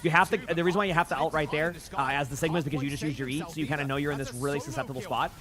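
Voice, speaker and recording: A man streaming live, giving rapid esports commentary in auctioneer-like patter as he reacts to a pro match. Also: a little high, steady tone.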